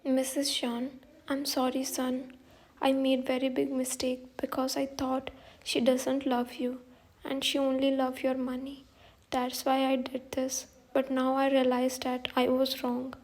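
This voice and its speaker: A woman's voice: high voice, monotone, measured pace, a little mellow. A woman reading the part of an older mother-in-law pleading for forgiveness, naming her before each line in a plain apologetic reading.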